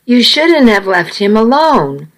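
Woman reading as a worried father, anxious, earnest, slow. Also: fairly high pitch, very animated, exaggerated voice. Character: worried husband and father, shaken.

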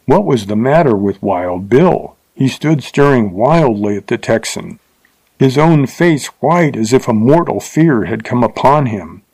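A man reading a Western adventure story aloud in a steady, dramatic narration. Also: medium pitch, a little slow, breathy edge, no room sound, rough recording. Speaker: audiobook narrator.

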